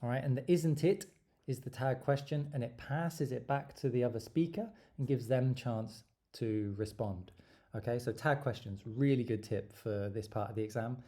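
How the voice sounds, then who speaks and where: A man teaching exam strategies, with a mellow, relaxed tone. He talks in a lively way, stressing key words and sometimes acting out short dialogues. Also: mid-range voice. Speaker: English teacher. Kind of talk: exam tips lesson.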